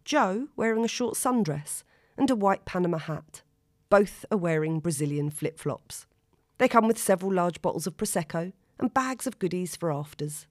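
Low-voiced woman narrating a story. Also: moderate pace, dry recording, clean studio sound. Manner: steady, expressive reading. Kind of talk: audiobook narration.

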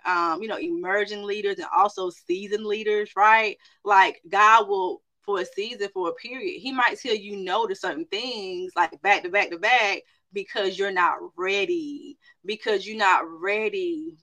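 A young adult woman preaching a sermon in an animated, emphatic way, often checking in with "right?" and "okay?". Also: mid-range voice.

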